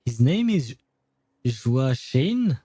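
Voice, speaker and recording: Rambling streamer, dark dry voice. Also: male voice, mid-range voice, big pitch swings, extremely slow, slightly rough, dry recording. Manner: rambling, self-correcting, chuckling. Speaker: game streamer. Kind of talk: casual chat while playing.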